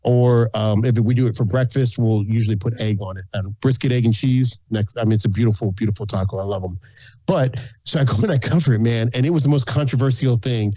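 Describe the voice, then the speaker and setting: Here the San Antonio food content creator talks quickly in a mellow, mid-range voice with no echo. As a podcast interview guest, he spins casual stories, frequently laughing and acting out whoever he's quoting.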